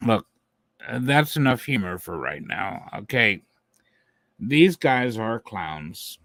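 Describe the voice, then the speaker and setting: A man's voice: on the low side, very animated, slow pace, a bit bright, dry recording. A man hosting a live stream, talking to his viewers in a taunting, mocking way and chuckling at his opponents. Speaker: channel host.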